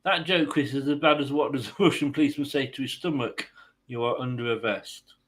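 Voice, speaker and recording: A man's voice: on the high side, fast, fairly bright tone. A man hosting a football watchalong stream, mixing live match commentary with rambling, self-mocking jokes.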